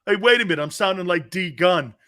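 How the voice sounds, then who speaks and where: A middle-aged man hosts a sports talk show in a high, bright, forceful voice. He jokes loudly and often raises his voice. He hops from one topic to the next as he reads out viewer comments. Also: brisk. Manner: loud, joking, jumps between topics, often raises his voice. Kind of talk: live sports talk stream, reading chat.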